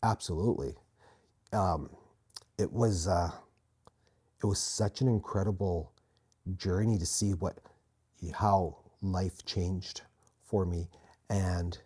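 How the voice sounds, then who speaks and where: Low, husky man telling his story. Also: fairly even intonation, slow, long pauses. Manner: quiet, earnest, reflective storytelling. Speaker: interview guest. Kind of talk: personal faith testimony.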